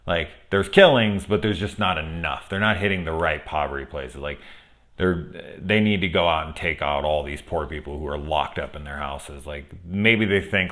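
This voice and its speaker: A man's voice: rumbling low, fairly bright tone. A man casually reviewing a film, rambling and swearing heatedly, laughing as he goes. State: angry.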